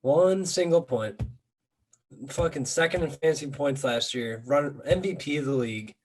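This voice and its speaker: A man co-hosting a podcast, talking sports in a casual, exasperated, animated rant. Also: medium pitch, a little fast, poor audio. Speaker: podcast co-host.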